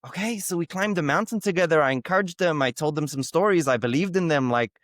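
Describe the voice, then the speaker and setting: A man's voice: on the high side, fast talker, fairly bright tone, dry recording, clean studio sound. A man hosting a podcast interview, asking open questions and reflecting earnestly on what he hears. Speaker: podcast host. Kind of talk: interview conversation.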